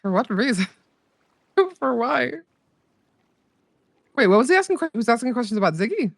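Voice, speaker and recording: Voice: medium pitch, very animated, normal speed, creaky, fairly bright tone, no echo. A player chatting in character during a roleplay, gossipy and hesitant with casual swearing.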